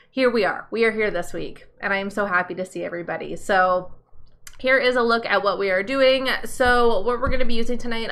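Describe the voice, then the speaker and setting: A woman's voice: mid-range voice, a bit bright. A woman hosting a live nail tutorial stream, chatting in an upbeat way and greeting viewers by name. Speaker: nail tutorial livestream host.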